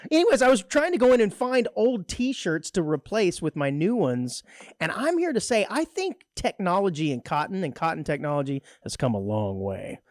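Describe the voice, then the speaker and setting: A man co-hosting a community radio show, chatting casually with wry, teasing banter and a dry, deadpan streak. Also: high voice, normal speed, no echo. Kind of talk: casual chat. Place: radio studio. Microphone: studio microphone.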